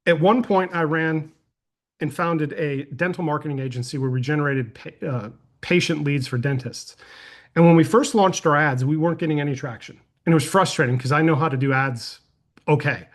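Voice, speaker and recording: An energetic man hosts a live coaching call and answers attendee questions in a folksy, conversational way. His voice sits a little high for a man, and he talks with loose, friendly enthusiasm. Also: moderate pace. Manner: energetic and folksy, uses "y'all", tells anecdotes. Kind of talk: casual webinar Q&A.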